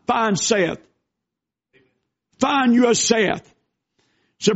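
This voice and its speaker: An older man delivers a sermon in a strikingly high voice. He swings between shouted exhortation and folksy storytelling. The recording is dull and lo-fi. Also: extremely slow, long pauses. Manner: preaching with shouted bursts and folksy asides. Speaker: pastor. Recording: dull lo-fi sound.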